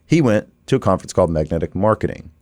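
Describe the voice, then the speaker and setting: A man guest on a podcast, telling business stories in a casual, energetic, informal way with lots of fillers. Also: low-pitched, dry recording. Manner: energetic, informal, fast-flowing with many "like" fillers. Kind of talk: casual conversational storytelling.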